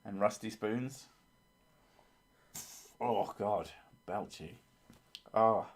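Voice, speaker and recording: A man's voice: fairly low pitch, drawn-out words. Crude, laughing man. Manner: crude, swearing banter with frequent laughter. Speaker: streamer, host of a horror story channel. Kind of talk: casual chat with live stream chat.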